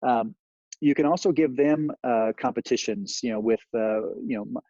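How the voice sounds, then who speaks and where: A man's voice: medium pitch, moderate pace, mellow, dry recording, dull audio. A man giving a sales training talk, rambling with many fillers and acting out lines he would say to customers.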